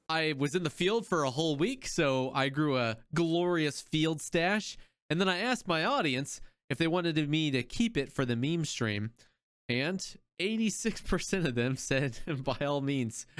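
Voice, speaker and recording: A man's voice: a little high, expressive, unhurried, a bit bright, smooth, no room sound, clean studio sound. A man in his twenties, host of the chat, talking in a friendly, joking way on a video call. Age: 20s. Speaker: podcast host. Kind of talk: casual chat.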